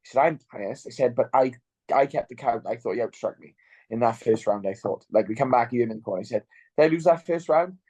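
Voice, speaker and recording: Fast-talking young fighter, blunt. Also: male voice, mid-range voice, steady tone, mellow, slightly rough, no room sound. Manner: fast, blunt, swears freely. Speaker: fighter interviewed. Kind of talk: casual interview chat.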